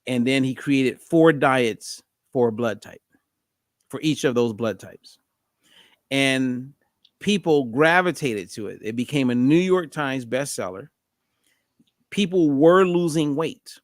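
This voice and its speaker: A man hosting a podcast, telling a story in a lively, conversational way. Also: medium pitch, takes it slowly, no room sound, clean studio sound. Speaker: podcast host.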